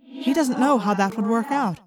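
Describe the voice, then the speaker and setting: A woman reading as a calm young alien ally. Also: a little high, moderate pace, crowd noise, natural voice. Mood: reasoning.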